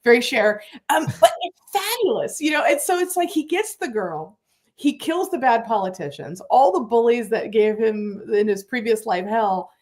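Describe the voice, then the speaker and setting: A woman co-hosting a movie podcast, recapping a film in an animated, chatty way. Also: on the high side, moderate pace. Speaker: podcast co-host. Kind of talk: casual movie discussion.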